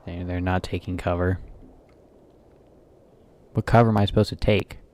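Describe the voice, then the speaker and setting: A man's voice: low-pitched, fairly even intonation, normal speed, darkish tone. A man in casual let's-play commentary, joking, swearing and muttering reactions on a close microphone. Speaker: gaming streamer.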